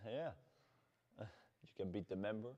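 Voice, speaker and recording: A man with a Dutch accent leading a workout class as fitness coach, shouting energetic encouragement. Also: on the low side, unhurried, lo-fi sound. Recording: long hall reverb.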